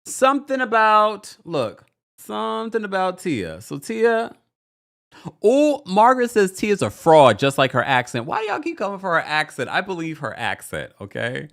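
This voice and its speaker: A man's voice: high voice, huge pitch swings, normal speed, creaky, fairly bright tone. A man in his forties hosting a podcast, chatting casually through a reality TV recap and reading out listener comments. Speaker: podcast host.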